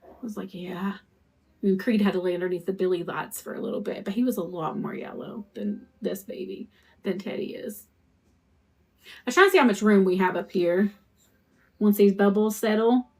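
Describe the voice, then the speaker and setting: A woman's voice: mid-range voice, moderate pace, darkish tone. A woman hosting a crafting live stream, chatting to viewers in a rambling, conversational way while she works. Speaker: custom cup shop owner hosting a live stream.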